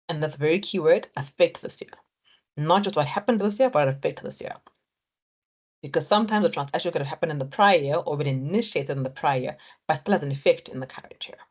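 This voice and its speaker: Woman lecturer, low voice, encouraging, walks students through steps. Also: a little mellow. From Africa. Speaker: accounting lecturer. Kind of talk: exam technique lecture.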